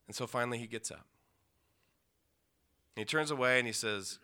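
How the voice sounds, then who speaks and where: A man from the Pacific Northwest telling an emotional personal story, intense, with pauses and restarts. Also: mid-range voice, sharp tone. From Yakima, Washington, USA.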